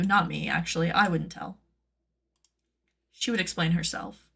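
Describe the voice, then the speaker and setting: A woman who makes cosplay patterns, chatting casually on her stream, rambling with lots of "like" and playful jumps into high silly tones. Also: steady tone, fairly quick, gravelly, fairly bright tone.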